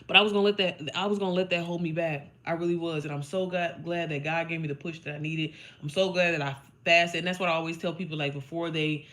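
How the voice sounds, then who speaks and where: A woman's voice: deep voice, fairly even intonation, fast talker, hardly any pauses. A young woman from Indiana giving a blunt, profane, emphatic motivational talk to her followers, chatty and full of fillers. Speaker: online business coach.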